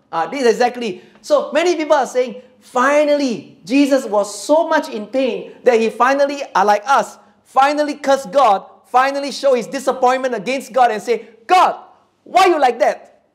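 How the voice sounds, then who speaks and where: A man preaching a sermon, calling out to the church for an amen. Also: sits high. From Singapore. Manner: preaching with call-and-response to the church. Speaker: pastor. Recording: echoey church hall.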